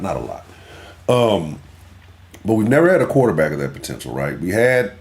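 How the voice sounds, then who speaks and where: Man, sports talk host, very deep, lively intonation, profane, casual. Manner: profane, loose, grumbling.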